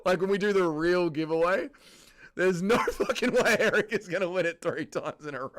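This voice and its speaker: A young Australian man hosts a live stream and chats with his viewers, bursting into laughter and swearing freely as he reads their messages. His voice sits a little higher than most men's. The tone is loose, rowdy banter. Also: fairly quick, fairly bright tone. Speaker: livestream host. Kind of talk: casual livestream chat reading viewer comments.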